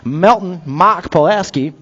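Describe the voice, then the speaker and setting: A man's voice: high-pitched, fairly bright tone, highs cut off. Upbeat man calling BMX races. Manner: upbeat, joking asides between rapid race calls. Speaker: race announcer. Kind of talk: live BMX race commentary. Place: outdoor BMX track over a PA.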